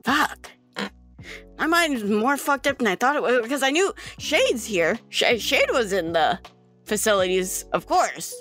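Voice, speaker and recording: A woman's voice: a little high, big pitch swings, measured pace, fairly bright tone, soft background music. A young woman who runs a tabletop game and narrates casually, rambling and swearing. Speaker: game master.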